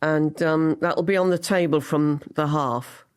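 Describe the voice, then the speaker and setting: A woman in her seventies from Liverpool, England, speaks with a deep, steady voice that is clean and unhurried. She is a guest actress in an interview, telling anecdotes and acting out what she used to think as she goes along.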